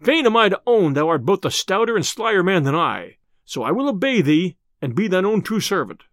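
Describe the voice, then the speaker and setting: A man doing a gruff, grim tinker. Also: sits high, sing-song, normal speed, a bit bright, dry recording, studio quality. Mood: won over. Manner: gruff and threatening. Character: grim, angry, stout male tinker.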